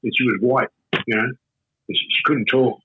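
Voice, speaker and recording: An older man with an Australian accent, telling a long story in an interview in a rambling, halting way with many fillers and restarts. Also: medium pitch, fairly even intonation, husky. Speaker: interview guest. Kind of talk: casual storytelling. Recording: tinny phone-like audio.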